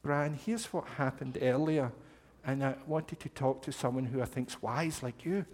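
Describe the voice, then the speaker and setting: A man's voice: mid-range voice, a little slow, darkish tone, lightly acted. A man voicing an earnest, caring young girl in a children's story. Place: church hall. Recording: long hall reverb.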